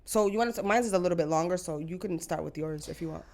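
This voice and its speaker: A woman's voice: fairly low pitch, quick pace, a crowd in the background. Blunt, slangy woman asking questions. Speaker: podcast co-host. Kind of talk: casual chat.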